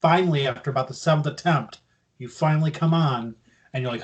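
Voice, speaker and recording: A man's voice: a little high, a little fast, background noise. A man co-hosting a podcast, telling a teasing story about a late friend in casual banter. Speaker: podcast co-host.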